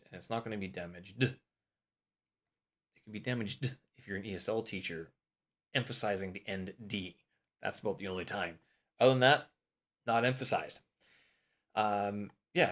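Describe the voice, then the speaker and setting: A man's voice: on the low side, fairly bright tone. A man hosting a vlog, casually talking through course material while thinking aloud, trailing off and restarting, and testing word stress aloud on single words. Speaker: language-learning vlog host.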